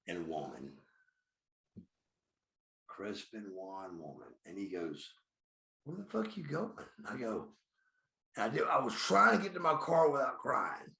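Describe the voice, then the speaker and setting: A man's voice: low-pitched, sing-song, a little slow, long pauses, sharp tone. A man in his fifties, a former pro wrestler, telling blunt, profane stories in an interview and calling himself by his own name. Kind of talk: storytelling in a podcast interview. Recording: echoey room.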